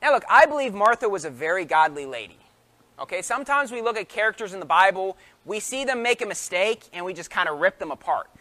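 High, bright-voiced male preacher. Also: lively intonation, fast talker. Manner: emphatic, frequent rhetorical questions. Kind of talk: sermon.

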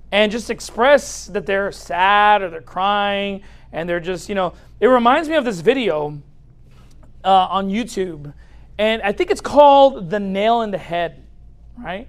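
A man preaching a humorous sermon as a pastor in a church, speaking straight to the audience in a lively, joking way. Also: high-pitched, moderate pace.

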